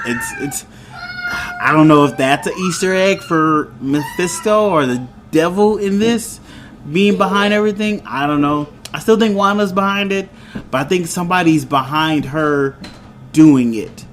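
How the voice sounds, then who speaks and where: Rambling man recapping a show. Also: fairly high pitch. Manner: rambling, retelling scenes with quoted lines and chuckles. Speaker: show host reviewing a TV episode. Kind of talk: casual recap and review.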